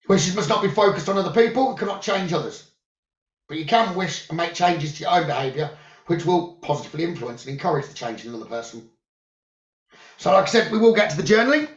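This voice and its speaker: A man who works as a psychic medium, giving calm, soothing spiritual guidance about the new moon, crystals and journaling. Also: high voice, fast talker. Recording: roomy, dull lo-fi sound.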